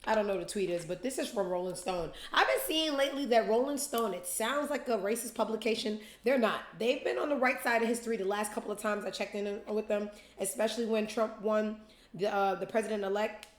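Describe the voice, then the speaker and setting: A woman's voice: medium pitch, a little fast. A woman hosting a commentary show, ranting in a blunt, scornful way. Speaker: show host. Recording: roomy echo.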